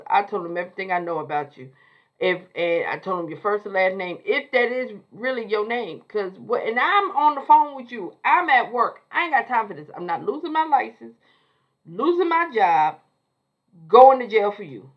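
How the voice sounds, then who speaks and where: A woman's voice: medium pitch, muffled recording. A woman voicing a fed-up man who bluntly refuses to help a friend. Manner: dismissive, blunt.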